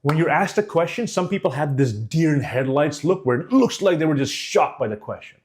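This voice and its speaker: A man's voice: on the high side, fairly quick. A man teaching how to speak with conviction, talking straight to his viewers and acting out examples. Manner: animated, demonstrates tones and faces. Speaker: communication coach. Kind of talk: direct-to-camera speaking lesson.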